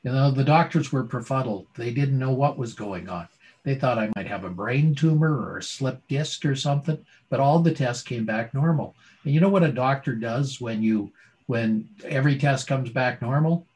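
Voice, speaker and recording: A middle-aged man with a voice of medium pitch shares a personal story as an interview guest. He builds it dramatically and keeps turning to the host with rhetorical questions. He sounds like a practiced public speaker. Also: moderate pace, darkish tone, low-quality recording. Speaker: guest, former doctor turned speaker.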